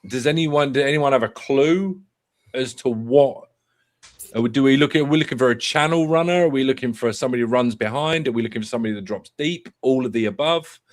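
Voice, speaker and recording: A man hosts a football fan show in a loose, chatty way. He fires off strings of questions and talks ideas through as they come to him. His pitch sits in the middle range. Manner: animated, thinks aloud in rapid questions. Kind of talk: casual football chat.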